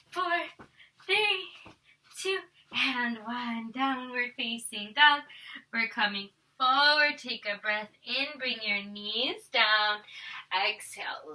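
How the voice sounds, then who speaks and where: Bright-voiced, high yoga teacher woman. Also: far from the mic, poor audio. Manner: playful, encouraging, counts poses aloud. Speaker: yoga instructor. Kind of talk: guided family yoga class.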